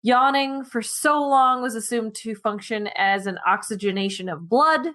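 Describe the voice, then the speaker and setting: A woman on a relaxed science podcast walks through a research finding in a chatty, meandering way. She sounds sleepy and keeps yawning between her points. Her voice sits a little high. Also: normal speed. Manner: chatty, explaining with asides and self-interruptions. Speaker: podcast co-host presenting animal news. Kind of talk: casual science podcast explanation.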